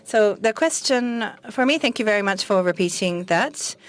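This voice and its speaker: A woman interpreting consecutively at a press conference, careful and halting, correcting herself as she goes. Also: mid-range voice, expressive, slight background noise.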